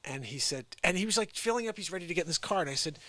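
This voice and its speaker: A man hosting his own show, telling a personal story in a casual, animated way and acting out both sides of each conversation. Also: high voice, rapid-fire, a little hiss or hum. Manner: animated retelling with quoted dialogue. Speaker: show host.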